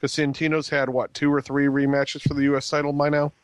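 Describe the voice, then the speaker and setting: A man's voice: on the high side, completely flat delivery, fairly quick, smooth, no room sound. A man co-hosting a casual wrestling podcast, rambling with frequent ums and restarts. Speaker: podcast co-host.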